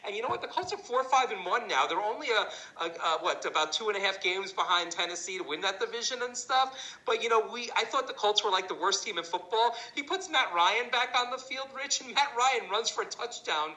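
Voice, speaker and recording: Bright-voiced man rambling about football. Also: sits high, lively intonation, brisk, rough recording. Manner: rambling, hesitant, ends phrases with "and stuff". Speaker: sports show co-host. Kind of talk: casual sports chat.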